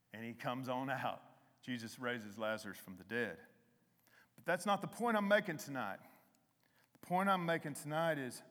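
A man preaching a conversational sermon to a congregation, with emphatic rises and a soft, slow hymn. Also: on the high side, big-room sound. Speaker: lay preacher. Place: church hall.

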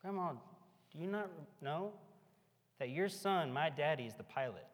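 A man voicing a calm, matter-of-fact little grandson, in an echoey hall. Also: a little high, moderate pace, close to an everyday voice.

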